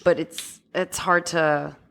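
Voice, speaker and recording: A woman's voice: low-pitched, steady tone, slow pace, gravelly, a bit bright. A woman co-hosting a podcast, talking casually and hesitantly with many fillers. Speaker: podcast co-host. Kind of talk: casual chat.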